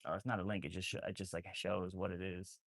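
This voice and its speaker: A man's voice: sits low, flat delivery, quick pace, creaky, fairly bright tone, no echo, studio quality. A man hosting a casual livestream about rescuing wolfdogs, rambling with many restarts while he talks to his dogs.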